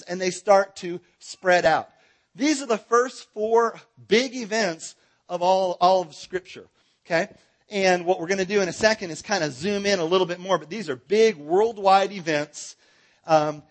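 A man with a high, light voice teaches a Bible seminar to a live crowd. He is from Southern California and keeps things playful, cracking jokes and getting everyone to answer back and act out motions. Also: moderate pace. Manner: playful, jokey, coaxes the audience to join in. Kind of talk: lively live Bible seminar with audience participation.

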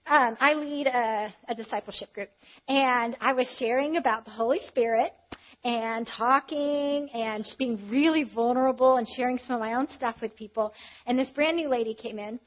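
A woman preacher telling a personal story in a conversational sermon, candid and animated. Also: a little high, moderate pace. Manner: candid, animated retelling with acted quotes. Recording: slightly dull, muffled audio.

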